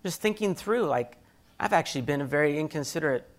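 A man's voice: a little high, lively intonation, fast talker. A man, around his thirties, telling a candid, self-deprecating story about his marriage and acting out his own thoughts. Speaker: speaker sharing a marriage story. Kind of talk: personal storytelling talk.

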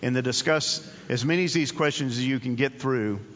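A man's voice: medium pitch, brisk, fairly bright tone. Man preaching in a reverberant hall. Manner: earnest, conversational preaching with repeated phrases. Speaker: pastor. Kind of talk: sermon. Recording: dull audio with long hall reverb.

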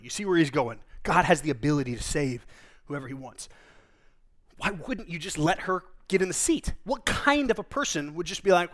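A man with a notably high voice delivers a sermon as a pastor. He preaches conversationally, telling vivid stories and slipping in quick asides. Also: animated.

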